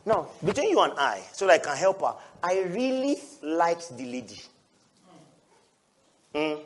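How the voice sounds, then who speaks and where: A male pastor, preaching a lively sermon, often laughing and breaking into shouts. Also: a little high, moderate pace.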